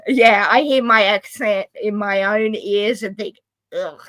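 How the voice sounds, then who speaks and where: A woman's voice: mid-range voice, steady tone, a little slow, a bit bright, dry recording, rough recording. A woman with an Australian accent, a guest on a video call, affectionate and self-deprecating, calling people my love and darling. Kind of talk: casual chat.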